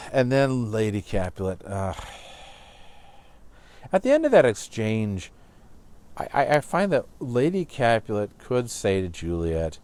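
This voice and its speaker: A man giving a casual lecture on a play, talking in an animated way with stumbling repeats and frequent "right?". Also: fairly low pitch.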